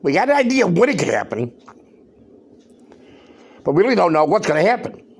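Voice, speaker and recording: A man's voice: high voice, big pitch swings, fairly quick, husky. A man hosting a podcast, delivering worked-up, emphatic commentary and firing off rhetorical questions. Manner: loud, worked-up. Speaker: podcast host. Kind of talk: ranting commentary.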